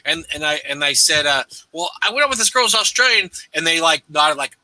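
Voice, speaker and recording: A man's voice: a little high, animated, fast, pushed and bright. A man co-hosting a casual live stream, telling rambling self-deprecating stories. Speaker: co-host. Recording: dry, distant from the mic.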